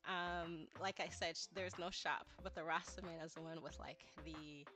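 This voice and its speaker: A woman's voice: low voice, fairly even intonation, moderate pace. Woman dev talking thru her game, lots of likes and ums, music playing under her. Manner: chatty, heavy use of "like" and "um". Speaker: indie game developer. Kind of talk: casual walkthrough talk.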